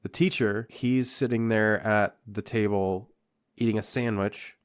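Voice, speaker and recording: A man's voice: lowish voice, fairly even intonation, a little slow, clean tone. A man co-hosting a podcast, recapping a movie in loose, profane casual chat and laughing often. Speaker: podcast co-host.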